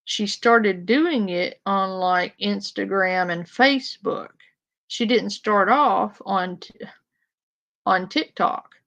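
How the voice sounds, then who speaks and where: A commentary streamer doing casual live-stream talk, this woman speaks bluntly to her chat with a confrontational edge and lots of fillers. Her medium-pitched voice is slow, gravelly, and slightly bright.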